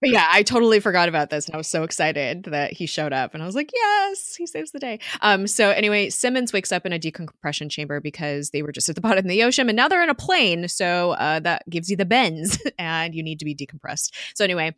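A woman recapping a TV episode in casual chat, rambling and animated, laughing often. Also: on the low side, fast talker, few pauses, no room sound, studio quality. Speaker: podcast co-host recapping a TV episode.

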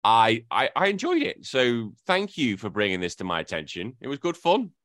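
A man's voice: mid-range voice, wildly swooping pitch, normal speed, fairly bright tone. A man hosting a casual gaming podcast, rambling and self-correcting with a joking tone. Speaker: podcast host.

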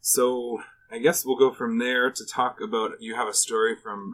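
A man's voice: mid-range voice, level tone, moderate pace, a bit bright, rough recording. A man hosting a casual interview, asking easygoing, curious questions and checking facts. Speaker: podcast host.

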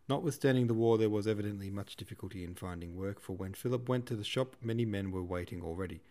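A man hosting a podcast, reading a classic novel aloud in a steady, measured way. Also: on the low side. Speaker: podcast host and reader.

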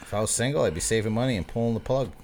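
A man's voice: medium pitch, rapid-fire, a little mellow. A man co-hosting a podcast, trading crude jokes in upbeat casual banter. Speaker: podcast co-host.

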